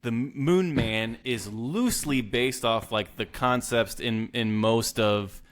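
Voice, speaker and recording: Male podcast guest, mid pitch, relaxed, chuckles a lot. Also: takes it slowly, no room sound. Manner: relaxed, laughs often, short agreeing replies. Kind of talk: casual chat about comics.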